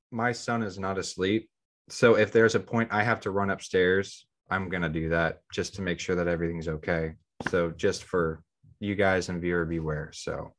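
A man co-hosting a podcast in casual chat, rambling, leaning on "like" and often restarting his sentences. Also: on the low side. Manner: rambling, heavy use of "like". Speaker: podcast co-host.

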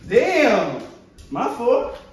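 A young man doing a casual show-and-tell vlog, excitable and slangy with frequent exclamations. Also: extremely high pitch, drawn-out words. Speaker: vlogger showing his collection. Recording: very echoey, far from the mic, faint noise.

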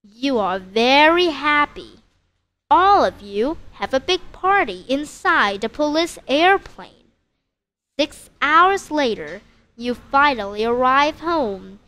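A woman teacher narrating a simple story slowly and clearly for English learners. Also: sits high. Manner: slow, clear, expressive storytelling.

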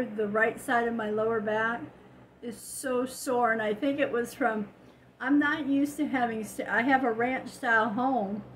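Older woman, slow chatty vlog talk, slightly high voice, faint room noise. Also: poor audio. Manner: chatty, storytelling, laughs often. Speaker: vlogger. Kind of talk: casual chat. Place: at home.

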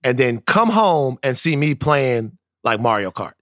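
A male podcast co-host from Louisiana telling stories in casual, profane, animated chat. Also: mid-range voice, unhurried, no echo, studio quality. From Louisiana, United States.

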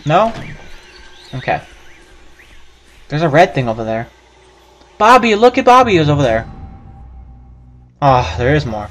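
Male gaming host: excitable, profane let's play commentary, bouncing pitch, steady noise behind. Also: a little slow, long pauses. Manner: profane, excitable, yelps and laughs while playing.

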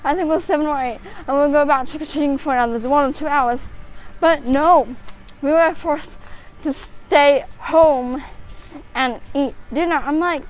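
Rambling teen girl, high voice. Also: moderate pace, low-quality recording. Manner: rambling, swearing, restless. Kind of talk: casual storytelling vlog.

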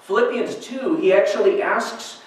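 A man's voice: high-pitched, moderate pace. A man preaching a sermon as a pastor, earnest and questioning, reading scripture aloud between his points. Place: church sanctuary. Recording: echoey church recording from far off.

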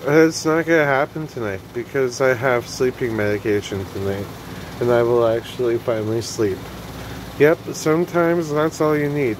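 A man's voice: mid-range voice, a little hiss or hum, poor audio. A man vlogging in a casual, rambling late-night monologue, tired and yawning, sighing and trailing off. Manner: rambling, self-talking, sighs and trails off.

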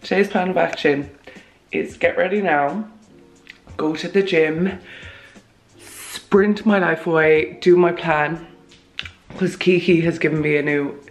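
Irish girl in her 20s vlogging on her phone, rambly and chatty, lowish voice, quiet music behind. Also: fairly even intonation, slow, pauses often, poor audio. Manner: chatty, rambling, says "lads" and "like" a lot. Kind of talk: casual vlog chat to camera. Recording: faint music underneath.

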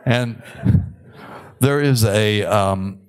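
This older male psychiatrist's voice is on the low side with a clean tone. His conference lecture is wry and conversational, dotted with frequent filler pauses.

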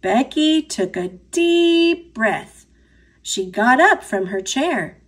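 An American woman reading picture books aloud to children, with expressive, sing-song storytelling. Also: high-pitched, takes it slowly, husky. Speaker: storybook reader. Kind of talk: picture book read-aloud.

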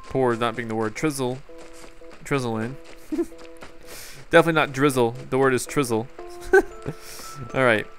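A man's voice: medium pitch, a little slow, long pauses, fairly bright tone, faint music behind. A man hosting a casual gameplay video, chatting in a playful, rambling way with jokey asides. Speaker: gameplay host. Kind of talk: casual let's-play commentary.

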